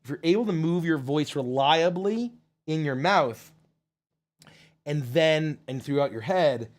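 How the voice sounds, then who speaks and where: Voice actor guy rambling thru chat questions on stream, bit of a high voice, super casual. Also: measured pace. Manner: chatty, rambling, lively. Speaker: voice actor and show host. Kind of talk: casual livestream Q&A, reading chat.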